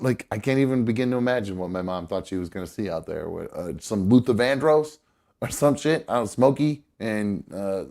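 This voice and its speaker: A man's voice: mid-range voice, a little mellow. Rambling, foul-mouthed male show host. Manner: loose, rambling, swears freely. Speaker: podcast host. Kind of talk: casual live show chat. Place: studio.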